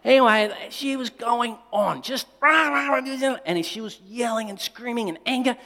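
A man's voice: very high voice, moderate pace. Man preaching in a reverberant hall. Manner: dynamic storytelling, swinging between loud emphasis and hushed, tender delivery. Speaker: pastor. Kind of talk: sermon with a personal story. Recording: long reverb of a large hall.

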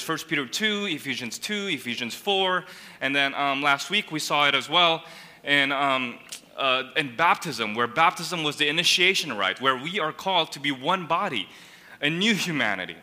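A man's voice: a little high, sharp tone. A man preaching a sermon as a pastor, earnest, restating and repeating words as he builds each point. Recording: long hall reverb.

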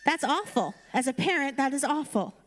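A woman's voice: high-pitched, lively intonation, moderate pace. A woman preaching a conversational sermon, retelling a story casually and then urging her listeners on. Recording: reverberant hall.

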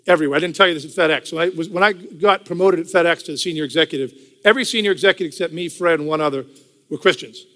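Talking very fast in a bright, forceful, higher-pitched voice, an older man shares his testimony at church. He tells it like a conversation, repeating phrases to stress them, while the hall's long reverb trails behind.

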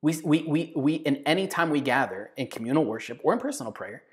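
A man preaching a sermon in an earnest, emphatic way, slowing down and dropping to a hush on key phrases. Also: a little high, lively intonation.

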